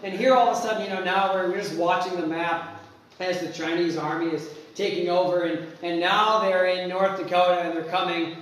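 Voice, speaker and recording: A fairly high-voiced man preaching in a church sanctuary, recorded from a distance so the big room echoes heavily around him. He talks in an animated way, jumps into acted-out quotes and restarts his sentences often. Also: a little fast. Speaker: pastor. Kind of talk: sermon. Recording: echoey church hall, mic far off.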